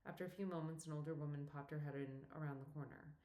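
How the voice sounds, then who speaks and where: A low-voiced woman reads an audiobook at a steady, measured pace, her narration surrounded by the echo of the room.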